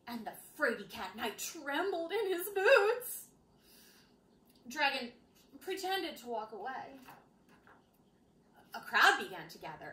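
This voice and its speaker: A woman reading a picture book aloud to children, playful and expressive, with dramatic pauses and wry asides. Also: fairly high pitch, roomy sound, rough recording. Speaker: children's storytime reader.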